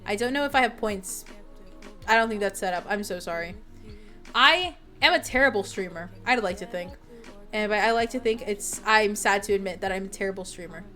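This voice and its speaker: A woman's voice: mid-range voice, brisk, pushed and bright, soft background music. A young woman streamer chatting casually with her viewers, rambling with lots of fillers and giggles. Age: young adult.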